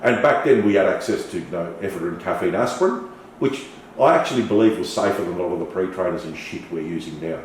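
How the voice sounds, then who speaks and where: A middle-aged man telling lively stories as a podcast guest. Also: low voice, quick pace, heavy reverb, recorded from a distance, slight background noise, low-quality recording. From Australia. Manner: animated, swearing, storytelling with acted quotes. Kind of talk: casual storytelling interview.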